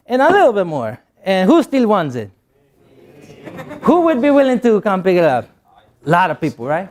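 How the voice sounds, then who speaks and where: Animated high-voiced male speaker with accent. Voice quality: speaks with a non-native accent. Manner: animated, repeats phrases for emphasis, jokes with the audience. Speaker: motivational speaker. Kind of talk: motivational talk to youth.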